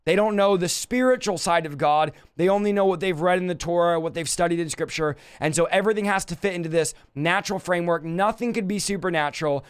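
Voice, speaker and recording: High-voiced, emphatic man teaching the Bible. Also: smooth, no room sound, studio quality. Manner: emphatic, rises in pitch when stressing points, reads scripture slowly. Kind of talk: informal Bible study sermon.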